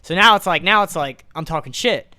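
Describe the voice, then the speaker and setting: A young man co-hosting a podcast, telling a story in an animated, casual way and acting out what people said. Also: sits high, fairly quick, no echo, clean studio sound. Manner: animated storyteller, acts out quotes, swears casually. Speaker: podcast co-host. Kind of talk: casual chat.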